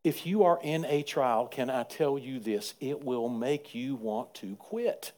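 A man, preaching a sermon in repetitive rhythmic phrases and swinging between quiet asides and loud, emphatic passages. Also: medium pitch, a little slow. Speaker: pastor.

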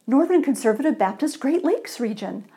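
A woman voicing a downcast man in a joke who answers in short, flat replies. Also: high voice, moderate pace, voice pushed up. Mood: matter-of-fact. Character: glum, plain-spoken man on a bridge.

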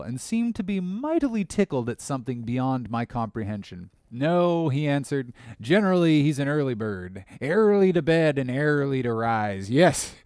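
A man narrating a classic novel in an animated storytelling style, moving from hushed asides to emphatic lines. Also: medium pitch, dry recording, studio quality. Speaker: audiobook narrator. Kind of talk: expressive literary narration.

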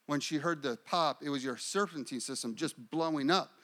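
High, bright-voiced preaching man. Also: normal speed. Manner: repetitive, declaring, testimony-telling. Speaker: pastor. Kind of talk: sermon.

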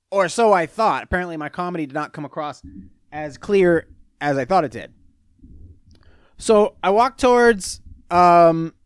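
A young adult man hosting a casual solo podcast, telling stories with profane, animated rants. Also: on the high side, no room sound. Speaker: podcast host.

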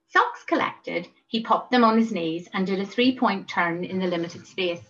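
A woman telling a personal memoir, reflective and often dropping softer on asides. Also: fairly low pitch, fairly even intonation, normal speed, gravelly, lo-fi sound. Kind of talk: memoir storytelling.

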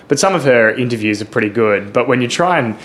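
A man's voice: mid-range voice, animated, fast, fairly bright tone. Chatty, laughing man. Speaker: podcast co-host. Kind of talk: casual podcast chat.

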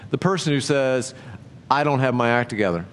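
A man preaching a sermon in a conversational way, asking his listeners many rhetorical questions and often jumping up in pitch for emphasis. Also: a little fast, smooth. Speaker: pastor.

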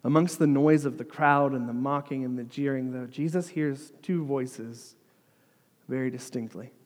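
A man preaching a sermon, retelling the story dramatically, dropping to a hush and swelling louder by turns. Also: mid-range voice, normal speed. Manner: dramatic storytelling, dropping to a hush for quoted words, rising for crowd lines. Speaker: pastor. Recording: long hall reverb.

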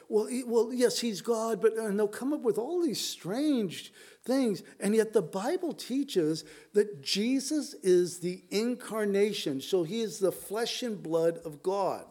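A man's voice: sits high, warm tone. A middle-aged man preaching a sermon in a conversational way, often restarting and talking straight to his congregation. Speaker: pastor.

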